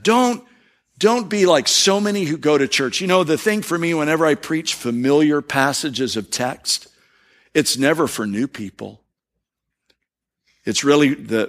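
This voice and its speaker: A middle-aged male pastor preaching a sermon in a conversational storytelling way, dropping soft and low for emphasis.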